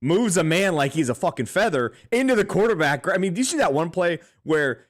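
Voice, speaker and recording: A man co-hosting a sports podcast, talking in a casual, animated way with frequent swearing. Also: fairly high pitch, a little fast. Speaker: podcast co-host.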